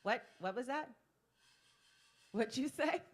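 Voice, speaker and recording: A woman's voice: sits high, animated, slow pace. A woman hosting a live poetry slam, teasing and swearing at the crowd in brash emcee banter. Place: live poetry venue in a bar.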